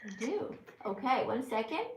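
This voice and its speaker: A woman's voice: on the high side, very animated, normal speed, slight background noise. Preachy woman lecturing on a livestream. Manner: preachy, emphatic, teacherly. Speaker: livestream host and vegan activist.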